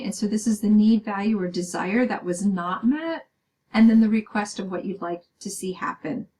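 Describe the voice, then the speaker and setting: Warm and medium-pitched, a woman's voice comes through a rough recording with slight background noise as she gives a lecture. She explains step by step, frequently inserting "um" and asking "right?"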